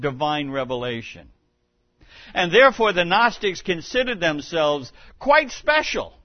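A man preaching a sermon as pastor, teaching in a measured way with occasional restarts. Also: high voice, dry recording, dull audio.

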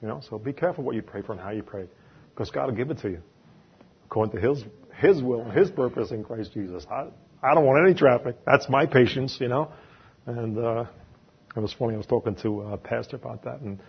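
A man's voice: medium pitch, brisk, creaky, husky, highs cut off. A man from New York with a New York accent, giving an informal, chatty sermon full of homely examples and asides. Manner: chatty and conversational, with self-deprecating asides and laughs. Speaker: lay preacher.

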